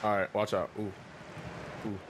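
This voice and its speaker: A young man from the Atlanta area, streaming and commentating his own sports video games, swearing and yelling at plays. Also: lowish voice, moderate pace, a little hiss or hum. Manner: excitable, swears a lot, yells at plays. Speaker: gaming streamer. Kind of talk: casual gaming commentary.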